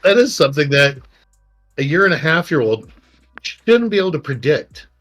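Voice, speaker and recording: A middle-aged man, a podcast co-host, telling personal stories in a rambling, animated way and acting out quotes. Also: fairly high pitch, moderate pace. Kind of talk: casual storytelling chat. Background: faint background music.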